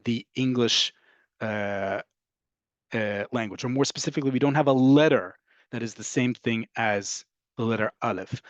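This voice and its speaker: A man gives an online class in a dry, close sound with no room around him. He explains patiently and often stops to ask "right?" or "okay?" His voice sits at an ordinary pitch. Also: no echo, highs cut off. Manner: explanatory, frequent "right?" check-ins. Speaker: Hebrew teacher.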